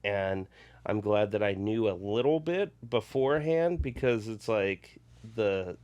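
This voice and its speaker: A man's voice: lowish voice, expressive, a little slow, a little mellow. A man co-hosting a podcast in casual chat, easygoing and laughing along. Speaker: podcast co-host.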